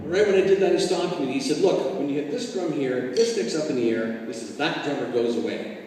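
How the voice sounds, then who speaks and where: A man recounting a comic story to a live audience, animated and acting out the voices and drum parts he describes. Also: fairly high pitch, brisk. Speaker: drummer telling a story. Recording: roomy hall from far off, music behind.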